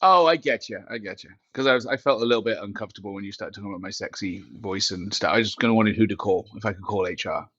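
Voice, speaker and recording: A man chatting as a podcast guest, joking and animated as he tells stories. His voice comes through a small headset mic built into his glasses, sounding dull and muffled. The audio is dry, with no room sound. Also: on the low side, quick pace, hardly any pauses, breathy edge, dry recording. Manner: joking, animated storytelling with asides. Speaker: podcast guest, company CEO. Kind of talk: casual podcast chat.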